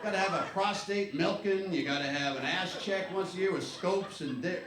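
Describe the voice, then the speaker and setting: A man in his fifties from the United States doing a stand-up comedy set, telling rambling, wry stories and shouting his punchlines. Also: sits high, moderate pace. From USA. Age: 50s. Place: comedy club stage. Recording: echoey live club, clear background noise.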